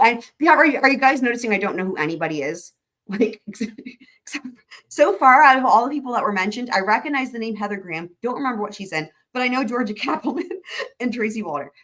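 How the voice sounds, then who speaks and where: A woman chatting casually on a live stream, wandering from thought to thought and breaking into laughter. Her pitch sits in a middling range for a woman. She keeps reacting to her viewers' comments. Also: sing-song, fast talker, a bit bright. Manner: rambling, laughs often, reads chat aloud.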